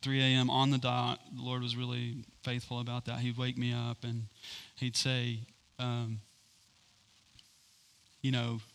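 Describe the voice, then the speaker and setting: A man's voice: medium pitch, monotone, unhurried, vocal fry, a bit bright, clean tone. A man telling a rambling personal story in a sermon, with many fillers and frequent laughs. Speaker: preacher. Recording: hall reverb.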